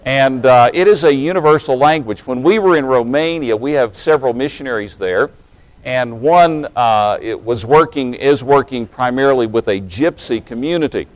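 A man around forty, raised in East Tennessee but speaking in a general American accent, delivers a sermon at a middle pitch. He moves between relaxed, joking asides and more emphatic stretches of preaching. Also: moderate pace, dry recording, low-quality recording. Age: late 30s to early 40s. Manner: folksy and humorous, then rising to emphatic preaching.

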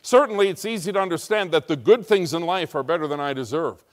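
A man's voice: a little high, quick pace. A middle-aged American man preaching a sermon as pastor, telling a story with emphatic rising intensity. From United States.

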